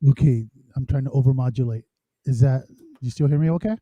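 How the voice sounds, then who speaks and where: A man with a deep, very dark voice co-hosts a live stream in casual chat. He rambles as he fiddles with his sound gear, and his mic sounds dry and close. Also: fast, no echo, dull audio. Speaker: podcast co-host.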